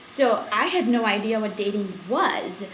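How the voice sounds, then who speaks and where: Woman interviewee, lively laughing storyteller, echoey recording with light hiss. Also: medium pitch, a little slow. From India. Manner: chatty, laughing storyteller with many fillers. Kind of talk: oral history storytelling.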